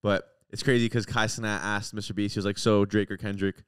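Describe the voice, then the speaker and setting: A young man co-hosting a podcast who chats in an excitable way. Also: on the low side, fast talker, clear, resonant tone, no room sound, clean studio sound. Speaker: podcast co-host. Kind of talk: casual chat.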